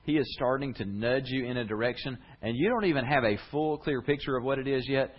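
A man's voice: mid-range voice, brisk, lo-fi sound. A man preaching a sermon to his congregation, earnest and conversational. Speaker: pastor. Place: church sanctuary with congregation.

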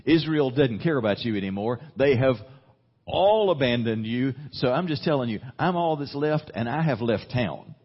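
A man's voice: medium pitch, expressive, normal speed, big-room sound, dull audio, voice pushed up. A male preacher voicing a weary, resigned prophet who is bitterly quitting his post. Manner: bitter, defeated complaint.

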